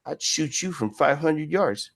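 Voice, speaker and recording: A man's voice: on the high side, lively intonation, unhurried, vocal fry, voice pushed up, full character voice. A man voicing a salty old male police sniper instructor and former boxer, who speaks with a put-on regional drawl in a blunt, threatening way. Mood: menacing.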